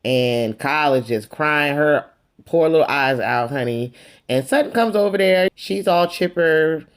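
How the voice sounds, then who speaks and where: A woman's voice: deep voice, lively intonation, measured pace, clear, resonant tone. A woman giving a sassy, dramatic casual recap of a reality TV episode. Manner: sassy, dramatic, calls the viewer honey. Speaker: YouTube reviewer.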